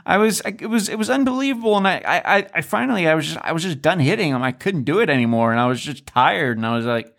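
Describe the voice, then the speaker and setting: A man's voice: fairly high pitch, quick pace, gravelly. A man co-hosting a podcast from Alaska, telling a personal story in casual chat and acting out what people said. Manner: animated storyteller, acts out quoted lines. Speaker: podcast co-host.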